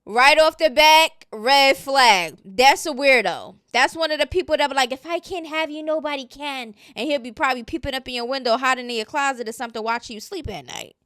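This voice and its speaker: A woman's voice: sits high, brisk, few pauses, fairly bright tone, smooth, no echo, studio quality. A woman hosting casual gossip commentary, blunt, sassy and mocking in tone.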